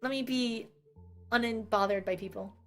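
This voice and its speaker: A woman's voice: a little high, measured pace, faint music behind. A young woman from New Jersey chatting casually as a streamer, ranting and swearing with self-mocking asides. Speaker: VTuber streamer.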